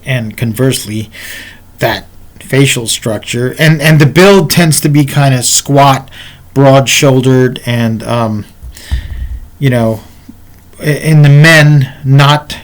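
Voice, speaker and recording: Rambling, conversational male storyteller. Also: medium pitch. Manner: rambling and conversational, with asides to the viewer. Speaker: martial arts instructor. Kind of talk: casual storytelling.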